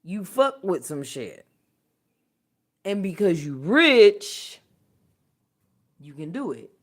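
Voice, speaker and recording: A woman's voice: big pitch swings, slow. A woman hosting a spiritual livestream, talking casually in a blunt, profane way and laughing often. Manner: swings from low mutters to loud outbursts. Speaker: spiritual channel host.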